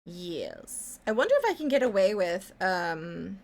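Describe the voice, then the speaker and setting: A woman's voice: on the low side, sing-song, unhurried, creaky, a little mellow. A woman live-streaming her art, chatting casually and rambling, with some casual swearing and humming to herself as she draws. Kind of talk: casual chat while drawing on stream.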